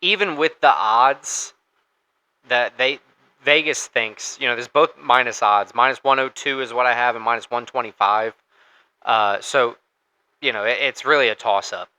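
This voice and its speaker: A man's voice: medium pitch, moderate pace, bright, forceful tone, clear, resonant tone, low-quality recording. A man co-hosting a casual sports podcast, talking through fight picks in a loose, conversational way with fillers and restarts. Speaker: podcast co-host.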